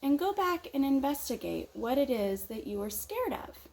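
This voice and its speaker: A woman's voice: high voice, very animated, moderate pace, creaky, darkish tone, heavily acted. A woman voicing a commanding male lion, the king of the jungle, in a storytime tale for children. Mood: reassuring.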